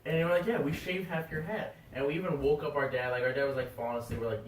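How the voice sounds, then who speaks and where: A man's voice: mid-range voice, very fast, hardly any pauses. A young man co-hosting a casual podcast, telling a rambling story and acting out the voices of the people in it. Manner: rambling, animated, acts out quoted voices. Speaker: podcast co-host. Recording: echoey room, far from mic, faint noise.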